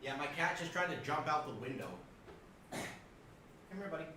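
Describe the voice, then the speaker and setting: A man's voice: fairly high pitch, moderate pace, noisy background. A man chatting casually on a live game stream, swearing freely and playfully scolding his cat. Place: home room at a computer.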